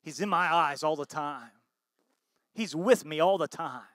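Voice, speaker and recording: An American man preaching a sermon as pastor, swinging between loud emphatic bursts and low soft asides, and often asking the congregation questions. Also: a little slow, no echo, studio quality. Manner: asks the congregation rhetorical questions.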